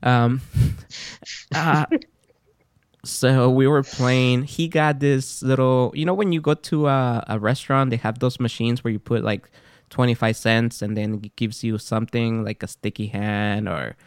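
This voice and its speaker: With a clear, resonant, medium-pitched voice, a podcast host chats casually, telling stories animatedly and laughing a lot. He's a little slow, and the studio sound is clean with no room sound.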